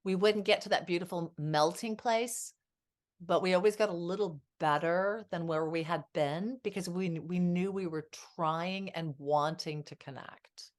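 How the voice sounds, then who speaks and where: A woman's voice: lowish voice, a little slow. A woman in her fifties, a marriage and family therapist, speaking as a podcast guest in a heartfelt, reflective way. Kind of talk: candid podcast interview.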